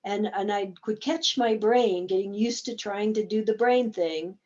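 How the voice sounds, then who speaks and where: A woman's voice: medium pitch, measured pace, darkish tone, lo-fi sound. A woman therapist explaining a game in a conversational teaching talk, acting out bits of dialogue as examples.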